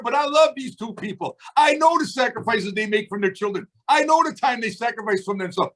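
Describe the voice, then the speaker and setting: A man in his seventies speaks on a video call, his voice sitting high for a man. He delivers an emphatic, preachy pep talk, firing off rhetorical questions at his team. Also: a bit bright, poor audio. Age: 70s. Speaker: motivational speaker to a sales team. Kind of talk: fired-up motivational speech.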